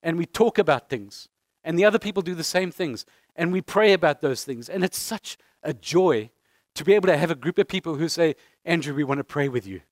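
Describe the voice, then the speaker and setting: A man's voice: fairly high pitch, expressive, brisk, no echo, studio quality. A man preaching a sermon as a pastor, earnest and heartfelt, repeating key phrases for emphasis.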